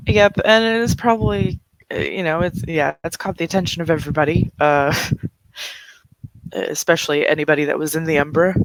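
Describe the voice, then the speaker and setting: A man playing a tabletop role-playing game, halting through his character's actions with fillers and short laughs. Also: fairly high pitch, no room sound, poor audio. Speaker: player.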